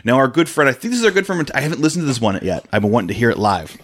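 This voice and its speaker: A man's voice: medium pitch, animated, rapid-fire. A man co-hosting a podcast in casual, crude banter, teasing and laughing often as he rambles. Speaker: podcast co-host.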